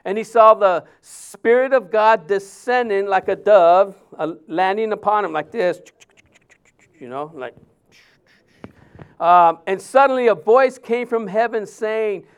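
A male pastor, preaching in a conversational way, with many fillers and restarts, dropping his voice softly when he quotes others. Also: high-pitched, a little slow, smooth. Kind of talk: sermon.

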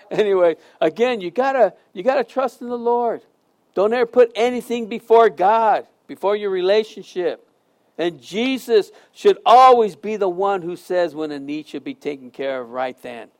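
A man's voice: high voice, moderate pace. A man preaching a sermon, telling jokes and stories and asking the congregation questions. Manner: lively storytelling, jokes, asks the congregation questions. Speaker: pastor.

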